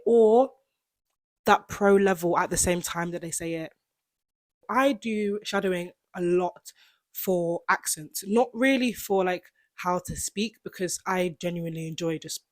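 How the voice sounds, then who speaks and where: A woman's voice: on the low side, dry recording. A young woman, a student, chatting expressively to camera about learning languages, full of "like" and asides. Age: young adult. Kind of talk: casual vlog talk to camera.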